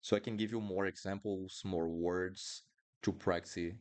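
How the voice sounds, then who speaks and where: A man's voice: sits low, steady tone, measured pace, darkish tone. A man teaching pronunciation in a live online lesson, patiently repeating words and sounds. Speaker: Portuguese teacher. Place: home studio, livestream.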